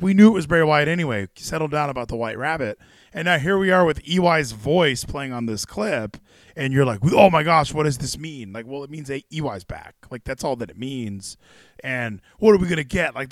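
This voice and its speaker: A man hosting a casual wrestling chat podcast, animated and rambling, swearing freely and restarting his sentences. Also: fairly high pitch, dry recording, studio quality. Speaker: podcast host.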